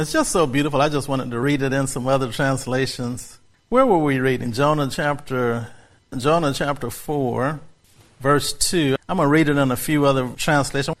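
A male preacher with a high voice delivers a sermon. His tone is bright and ringing, and he swings from steady explanation to shouted exclamations, hammering his points home through repetition. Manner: reads scripture aloud with emphatic repetition.

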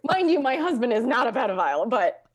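A young adult woman telling her own story in casual talk, with deadpan jokes and lively acted-out quotes. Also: fast, slightly rough, no echo, studio quality. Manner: deadpan humor, acts out quotes with lively pitch jumps.

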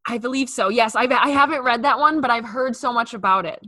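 A young woman hosts a podcast in loose, chatty talk full of filler words. Her voice is a little high and bright, with a sharp edge. The sound is close and dry, with no room around it. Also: a little fast, no echo. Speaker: podcast host. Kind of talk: casual podcast interview.

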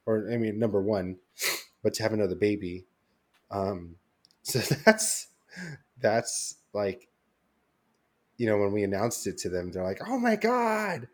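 Low-voiced young man telling a rambling story. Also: a little mellow. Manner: rambling storytelling with many fillers. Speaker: podcast co-host. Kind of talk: casual chat.

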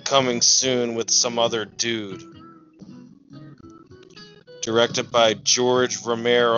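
Man, comedy podcast co-host, deadpan, unhurried, dull lo-fi audio, soft music underneath. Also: medium pitch. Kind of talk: comic bits and parody trailer narration. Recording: dull lo-fi recording with faint music.

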